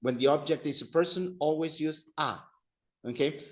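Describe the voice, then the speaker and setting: A man's voice: on the high side, moderate pace, reverberant, poor audio. A man teaching a language class, patiently repeating phrases for his students to drill. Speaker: Spanish teacher.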